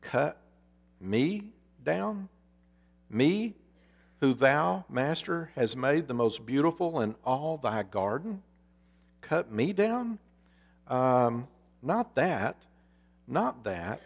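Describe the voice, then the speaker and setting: A man's voice: a little high, measured pace, vocal fry, in a large hall, pitched above the performer's own voice. A man voicing a proud male bamboo plant in a storybook parable, pleading in archaic speech.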